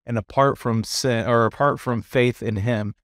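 Brief: male co-host, relaxed, dry close mic. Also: medium pitch, moderate pace, dry recording. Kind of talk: casual podcast chat.

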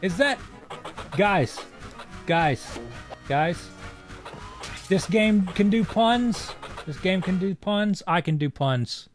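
A man's voice: high-pitched, animated, takes it slowly, long pauses, soft background music. A young man streaming a video game, delivering sarcastic, profane, wisecracking commentary as he plays. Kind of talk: let's-play commentary.

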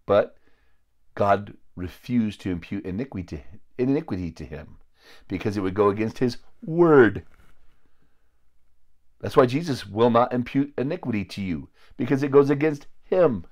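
A man's voice: lowish voice, lively intonation, normal speed, darkish tone. A man preaching informally to a small group, blunt and confrontational, at times crude, rambling with restarts. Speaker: lay preacher.

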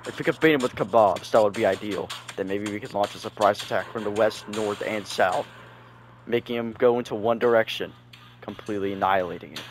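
A man voicing a grave American commander in a game roleplay. He speaks low and muttering. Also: a little fast, faint music behind, natural voice.

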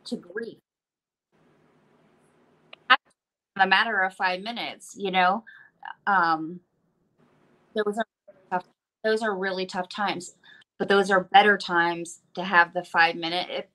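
A mother hosts a casual live-streamed conversation, her voice bright and forceful. She rambles, breaking off and restarting her sentences as she goes. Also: medium pitch, poor audio. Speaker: host, mother.

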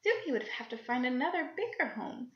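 A woman reading a children's picture book aloud with lively character voices and little asides to young listeners. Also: high-pitched, fairly quick. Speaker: children's story reader. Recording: lo-fi recording in an echoey room.

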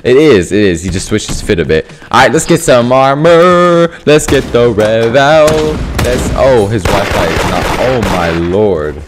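A man giving animated gameplay commentary over voice chat, swinging between mumbled asides and loud yelling. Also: medium pitch, measured pace, hardly any pauses, soft background music. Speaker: gaming YouTuber.

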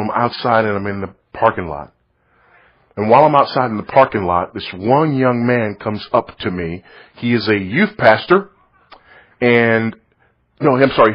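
A middle-aged man preaching, telling a story in a sermon, swinging from loud to hushed. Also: lowish voice, slightly rough. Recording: dull lo-fi recording.

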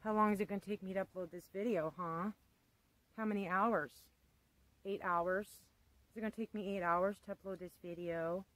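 A woman's voice: mid-range voice, steady tone, normal speed, a bit bright, no room sound, low-quality recording. Blunt rambling woman vlogger, dry sound. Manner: blunt, rambling, emphatic, swears casually. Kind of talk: casual unscripted rant to camera.

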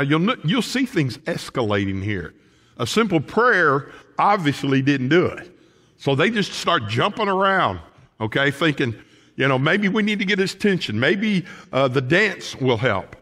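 Lively preaching pastor in a reverberant church. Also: male voice, medium pitch. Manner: animated, folksy preaching with asides to the congregation. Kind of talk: sermon. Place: church sanctuary.

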